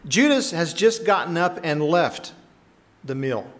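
A male pastor delivers a sermon with a fairly high voice. He preaches in a lively, conversational manner and keeps turning to his listeners with questions. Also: unhurried.

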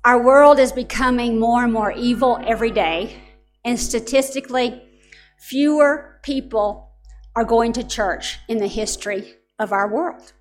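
A woman's voice: fairly high pitch, a little slow, soft background music. A middle-aged woman preaching a sermon to parents, telling stories in an earnest, direct way.

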